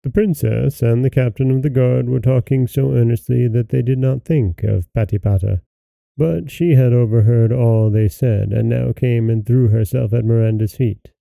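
Dark, gravelly male storyteller. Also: medium pitch, fairly even intonation, moderate pace, dry recording. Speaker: host and narrator. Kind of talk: storybook reading.

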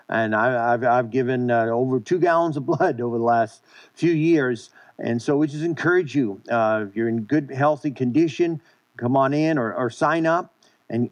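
A male pastor preaching and praying a sermon in an earnest way, with many restarts and repeated words. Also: mid-range voice.

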